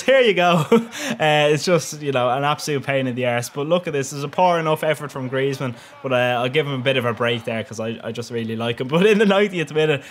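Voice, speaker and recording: This gaming channel host is a young man whose medium-pitched voice has a slightly bright quality. He laughs frequently while giving rambling, cheeky commentary on his own football game matches.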